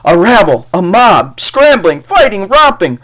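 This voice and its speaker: A man's voice: high voice, sing-song, a little slow, fairly bright tone, voice pushed up, exaggerated voice. A man voicing a snobbish male banker who talks in a pompous, affected, old-fashioned formal way. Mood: scornful. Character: snobbish elitist male banker, looks down on everyone.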